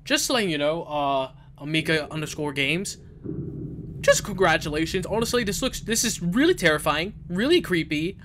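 A young adult gaming video creator gives nervous, jittery let's-play commentary on a horror game, often stammering and repeating words. The voice is mid-range, animated, and a bit bright, at normal speed, with slight background noise.

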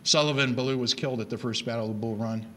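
Bright-voiced man lecturing with emphasis. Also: medium pitch, fast, a little hiss or hum. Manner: animated, emphatic, with many repeated starts. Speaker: reading education speaker. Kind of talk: lecture to an audience.

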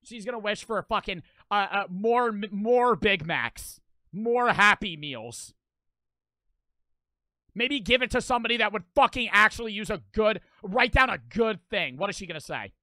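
A man's voice: high-pitched, expressive, normal speed, pushed and bright, dry recording. A young man streaming a reaction video, with profane, mocking, rambling commentary.

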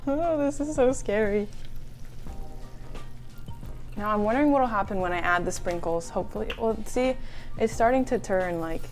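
A young woman making candied grapes in a casual cooking vlog, nervous and excited, laughing often and filling her talk with "like". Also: mid-range voice, moderate pace, pauses often, soft background music. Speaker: food vlogger.

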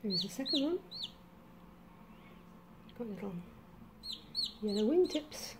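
A woman keeping chickens, talking softly and dotingly to her hens and new chicks outdoors by the coop. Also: fairly high pitch, expressive, slow, background noise. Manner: soft, doting, talks to the birds. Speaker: backyard chicken keeper. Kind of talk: cooing chat to hens and chicks. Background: clucking hens and cheeping chicks.

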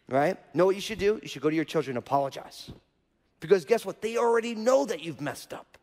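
A man's voice: sits high, expressive, fairly quick, a little mellow. Guy preaching in church, casual and chatty, keeps asking right?, big echoey hall. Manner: conversational preaching with frequent rhetorical "right?". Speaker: pastor. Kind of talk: sermon. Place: church auditorium. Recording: long reverb of a church hall.

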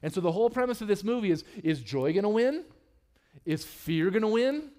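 Candid, joking male pastor preaching. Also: brisk. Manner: candid and humorous, with lively swings in pitch and loudness. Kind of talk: sermon. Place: church sanctuary.

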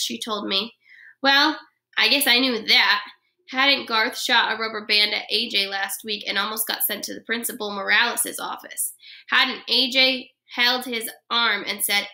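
Bright-voiced woman reading a children's story. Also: a little high, moderate pace. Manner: expressive storytelling. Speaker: first grade teacher. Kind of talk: reading a children's chapter book aloud.

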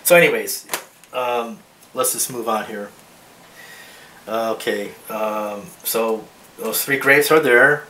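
Male art teacher, mid-pitched, rambling demo talk, distant mic, echoey room. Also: slow, pauses often, pushed and bright. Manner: thinking aloud, rambling with restarts. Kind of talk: drawing demonstration. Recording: roomy echo, mic at a distance, faint hiss.

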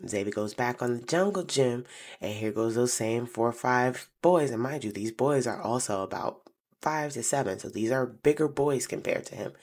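A young woman, telling a personal story on her podcast in an animated way, slowing to hushed asides. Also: extremely low pitch. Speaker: podcast host.

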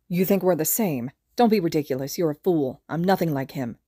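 Podfic: woman plays contemptuous teen boy hero, low, growly, dry recording. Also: quick pace, darkish tone, no room sound, close to an everyday voice. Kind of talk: podfic character reading.

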